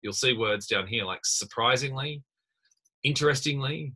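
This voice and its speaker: A man's voice: on the low side, moderate pace, bright, forceful tone, breathy edge. A man lecturing in a casual screen-recorded tutorial, thinking aloud with many fillers and restarts. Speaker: university lecturer.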